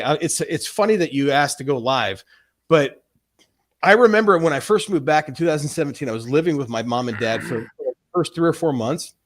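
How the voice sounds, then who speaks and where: A man in his forties on a casual livestream, talking in long rambling runs with many restarts and frequent swearing. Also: on the high side. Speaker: stream host.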